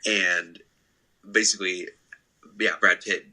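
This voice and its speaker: A man's voice: deep voice, fairly even intonation, a little slow, pushed and bright, rough recording. A young man co-hosting a casual movie podcast, retelling a film plot in a rambling way with many fillers and restarts. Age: young adult. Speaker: podcast co-host.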